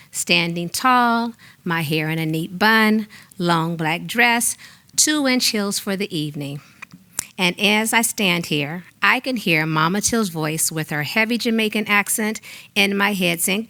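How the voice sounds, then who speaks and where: An older woman reading her own memoir aloud on a small theater stage, measured and heartfelt. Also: medium pitch, sharp tone.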